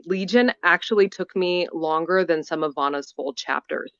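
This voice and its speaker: A female voice actor chatting about her warm-up routine in an interview, over a video call. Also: lowish voice, moderate pace, clear, resonant tone, no echo, highs cut off. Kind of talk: remote interview.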